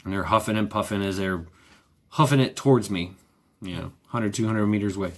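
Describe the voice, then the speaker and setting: A man's voice: lowish voice, fairly quick. A man vlogging in a sarcastic ranting monologue, repeating himself, swearing freely and firing off rhetorical questions.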